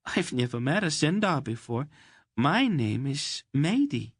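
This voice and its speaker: Storybook casting: a bold, teasing young girl, lifted high, voiced by a male narrator, close and dry. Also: sing-song, a little slow, breathy edge, dry recording, full character voice. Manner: playful, coy.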